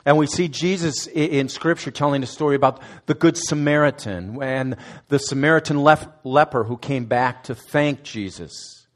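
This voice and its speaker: A man's voice: medium pitch, normal speed. A man giving a conversational sermon as a student ministries director, asking his listeners direct questions and now and then restarting words. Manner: conversational preaching, asks the audience direct questions, some restarts.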